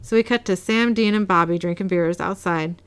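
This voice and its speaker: A woman's voice: fairly low pitch, normal speed, clear, resonant tone. A woman casually retelling a TV episode as a podcast host, reading the dialogue out plainly. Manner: chatty, reads out dialogue plainly.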